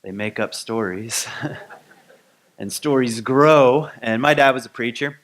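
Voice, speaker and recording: A man from Michigan giving a conversational sermon to his spiritual community, relaxed and rambling with many ums and restarts. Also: mid-range voice, slow pace. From Grand Rapids, Michigan.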